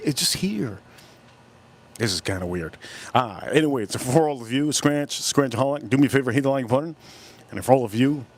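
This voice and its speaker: A man with a Miami accent hosting a casual live stream, rambling and stretching his words out as he reads chat. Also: mid-range voice. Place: cold room at home.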